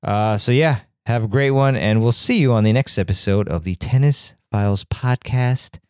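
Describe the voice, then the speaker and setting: A man's voice: mid-range voice, normal speed, darkish tone, smooth, dry recording, studio quality. A man hosting a podcast, wrapping up the episode in a casual, jokey, rambling way with self-deprecating asides. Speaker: podcast host. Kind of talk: casual outro chat.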